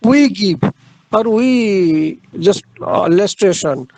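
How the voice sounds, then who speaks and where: A man giving a literature lecture, speaking haltingly, pausing often on "uh" and repeating his key phrases for emphasis. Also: sits high, animated, a little mellow, dry recording, poor audio. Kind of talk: classroom lecture.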